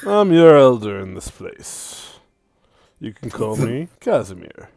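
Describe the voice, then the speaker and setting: A man's voice: medium pitch, big pitch swings, slow, darkish tone, no room sound, studio quality. A man voicing a brash, cruel male cowboy vampire hunter who boasts and threatens. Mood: gruff. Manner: boastful, menacing, leering.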